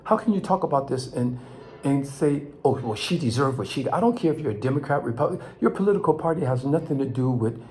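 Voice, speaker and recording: An older man from Los Angeles, talking straight to his viewers in an emotional monologue, his voice climbing high when he is angry and sinking low and quiet as he reflects. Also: expressive, fast talker, slight background noise. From Los Angeles, California. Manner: impassioned, rising to near shouts then dropping low. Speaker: vlog host.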